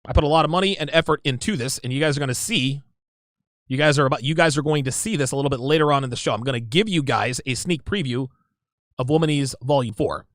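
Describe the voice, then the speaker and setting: A man's voice: mid-range voice, fast talker, fairly bright tone, no echo, studio quality. A man hosting his own show, talking to his listeners in an emphatic, casual solo monologue. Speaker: podcast host.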